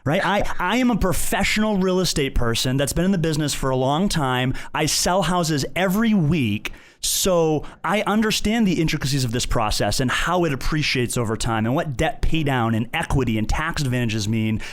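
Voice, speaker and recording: Earnest male co-host, higher voice. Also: lively intonation, normal speed. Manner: earnest, passionate. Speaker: podcast co-host, real estate agent. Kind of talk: casual podcast talk.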